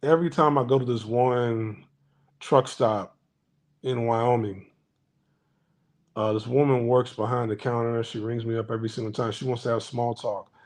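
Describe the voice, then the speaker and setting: A man's voice: mid-range voice, fairly even intonation, moderate pace, a little mellow. A man hosting a casual monologue to viewers, ranting bluntly with profanity and frequent restarts. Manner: acts out others' voices in anecdotes. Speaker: commentary channel host.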